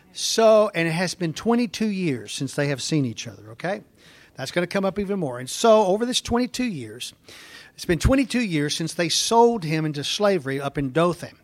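A man's voice: a little high, very animated, moderate pace. A man teaching a conversational Bible lesson, explaining in an informal way with fillers and restarts.

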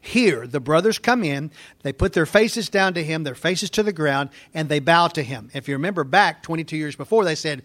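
A man's voice: a little high, animated, normal speed, fairly bright tone. A man teaching a conversational Bible lesson, explaining in an informal way with fillers and restarts.

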